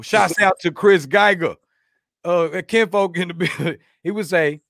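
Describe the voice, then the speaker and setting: A man hosting a podcast, chatting casually, joking, rambling through stories and giving shout-outs to listeners. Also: high-pitched, measured pace, gravelly, dry recording, clean studio sound. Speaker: podcast host.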